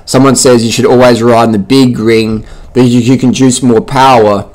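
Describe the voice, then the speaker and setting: A man's voice: mid-range voice, little pitch movement, normal speed, a little mellow. A man giving casual commentary over race footage in a blunt, mocking, heavily profane way, throwing in buzzing sound effects. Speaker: cycling vlogger.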